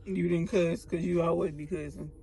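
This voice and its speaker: A woman's voice: lowish voice, fairly even intonation, normal speed, gravelly, dark tone, husky, poor audio. A woman co-hosting a couple's vlog, cutting in to tease her partner in casual chat. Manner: teasing, interjecting. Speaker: co-host, girlfriend.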